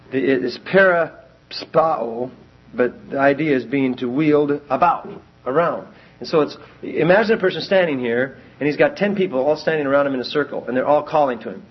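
A man preaching a sermon, animated, acting out quoted voices as he teaches. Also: medium pitch, normal speed, husky. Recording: dull lo-fi recording.

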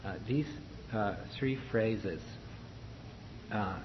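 Man, choir director, patient instructive coaching, halting phrasing, dull lo-fi sound, faint background hiss. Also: medium pitch. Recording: dull lo-fi recording with faint noise.

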